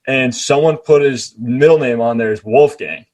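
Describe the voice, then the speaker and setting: A man's voice: medium pitch, moderate pace, darkish tone. Chummy male interviewer joking around. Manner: chummy, jokey, says "dude" and "bro". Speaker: interviewer, host. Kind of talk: casual interview chat.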